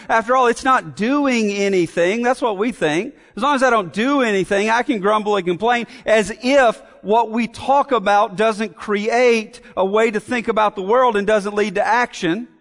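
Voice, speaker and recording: High-voiced preaching man, reverberant hall. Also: fairly bright tone. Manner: earnest, repeats key phrases, asks rhetorical questions. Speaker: pastor. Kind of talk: expository sermon.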